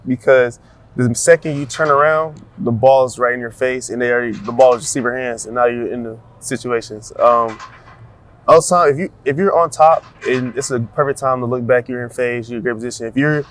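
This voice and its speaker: A young man, a college football player, answering interview questions in a soft-spoken, halting way with many fillers and restarts. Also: medium pitch, a little hiss or hum. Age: young adult. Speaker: college football cornerback guest.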